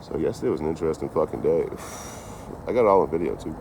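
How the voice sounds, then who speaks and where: Young man, very deep voice, rambling profane storytelling, casual live chat, outdoor phone recording, steady background noise. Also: quick pace. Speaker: train-hopping traveler vlogger.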